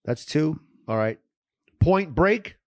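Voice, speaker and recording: A man's voice: on the high side, animated, slow, darkish tone, no echo, clean studio sound. A man co-hosting a comedy podcast, joking and swearing as he rambles about movies. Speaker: podcast co-host. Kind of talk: casual comedy podcast banter.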